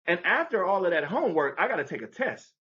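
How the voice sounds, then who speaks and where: A man's voice: big pitch swings, fast, bright, forceful tone. Guy telling his life story, voices all the people in it, kinda muffled sound. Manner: acts out quoted voices with big pitch jumps. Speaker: podcast guest. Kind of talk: animated storytelling.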